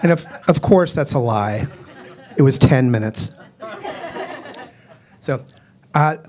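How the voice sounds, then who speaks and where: A man in his sixties from Boston, doing a chatty stand-up set with deadpan punchlines. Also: mid-range voice, slow, a faint crowd. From Boston, United States. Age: 60s. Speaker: stand-up comedian. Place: comedy stage.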